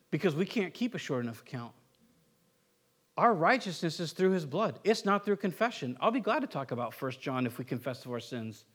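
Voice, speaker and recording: High-voiced animated male pastor preaching. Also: husky. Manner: conversational, animated preaching with asides and acted quotes. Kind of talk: sermon.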